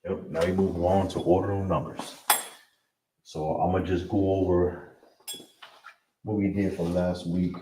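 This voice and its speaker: A man's voice: low voice, level tone, measured pace, pauses often. A man teaching a language class online, spelling out each word and checking in with "all right?" as he goes. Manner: repeats words, frequent "all right?". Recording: distant mic with noise.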